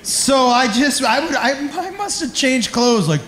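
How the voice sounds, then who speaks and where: A man's voice: very high-pitched, animated, unhurried, echoey room, noisy background. A man telling a crude, self-mocking stand-up story on a comedy club stage.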